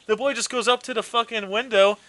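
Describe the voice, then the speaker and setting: A man co-hosting a casual movie chat, retelling plots with lively acted quotes and swearing. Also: high-pitched, a little fast. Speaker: co-host.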